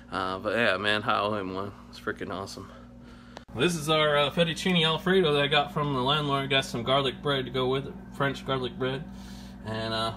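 A man's voice: medium pitch, sharp tone, slight background noise. A man vlogging casually, a laid-back rambler who swears freely as he talks to his viewers. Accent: US Pacific Northwest. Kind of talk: casual vlog monologue. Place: outdoors in a snowstorm, then at home.

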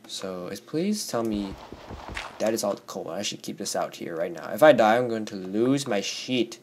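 Hoarse teen guy doing minecraft commentary, rambly and jumpy, yelps a lot, keyboard clicking. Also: fairly low pitch, lively intonation, moderate pace, a little hiss or hum. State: hoarse from screaming. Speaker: gaming YouTuber. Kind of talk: Minecraft let's play commentary.

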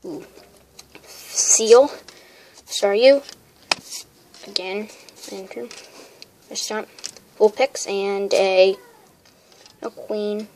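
A woman casually opening trading card packs, listing the cards and getting excited over good pulls. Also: medium pitch, very slow, pauses often. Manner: excitable, lists card names. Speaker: card pack opener. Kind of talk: casual unboxing chat. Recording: crinkling wrappers and noise behind.

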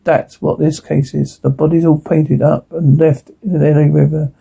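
An actor playing a blunt, cynical male police detective who swears and reasons out loud in a TV drama. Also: fairly high pitch, little pitch movement, moderate pace, creaky, slightly rough, exaggerated voice, poor audio. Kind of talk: TV drama dialogue.

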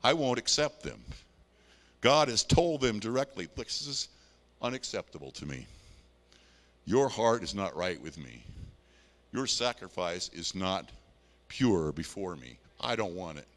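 Animated, folksy male preacher. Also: low voice, a little slow, long pauses, big-room sound. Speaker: pastor. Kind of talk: sermon.

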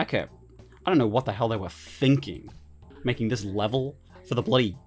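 A man giving casual let's-play commentary, excitable, swearing casually and laughing often. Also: mid-range voice, brisk, faint music behind. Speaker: gaming commentator.

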